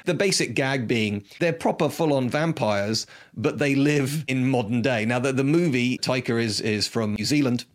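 A man's voice: medium pitch, moderate pace. Give me an enthusiastic man reviewing films in a casual, rambling way. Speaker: film reviewer. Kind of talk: casual film talk.

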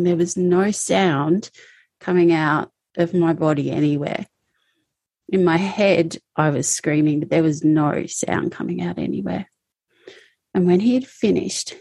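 A woman recounting her personal experiences as an interview guest, speaking in a halting, emotional way. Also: on the low side, gravelly, warm tone, breathy edge, no room sound. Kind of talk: personal testimony.

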